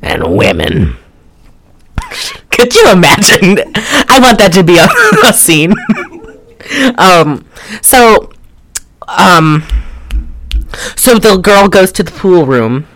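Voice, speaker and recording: A man's voice: high-pitched, animated, slow pace, long pauses, fairly bright tone. Guy rambling thru a movie recap, voice jumps all over, um and like everywhere. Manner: rambling, jokey, lots of fillers and laughs. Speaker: podcast co-host. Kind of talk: casual movie-recap chat.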